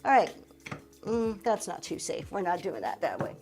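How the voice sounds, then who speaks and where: A woman's voice: mid-range voice, very animated, moderate pace, a little mellow, soft background music. A middle-aged woman from Pennsylvania, hosting a live reselling auction in an upbeat, chatty way and thanking her viewers as she goes. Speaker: live-stream reseller host. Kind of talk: live auction selling chat.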